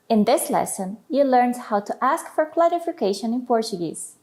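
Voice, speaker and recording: A woman teaching a language lesson, saying each phrase slowly and clearly, then repeating it for learners. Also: fairly high pitch, expressive, darkish tone.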